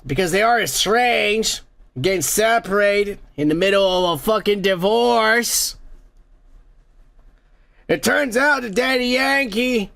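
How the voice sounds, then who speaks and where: Male podcast host, high-pitched with a gravelly edge, rowdy, profane, crude delivery. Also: slow, fairly bright tone. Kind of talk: casual podcast chat.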